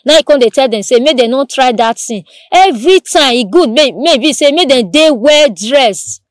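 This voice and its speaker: A woman news presenter speaking with a Nigerian Pidgin accent, telling the day's stories in a lively, repetitive storytelling way with exclamations. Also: sits high, moderate pace, no echo, clean studio sound. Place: studio.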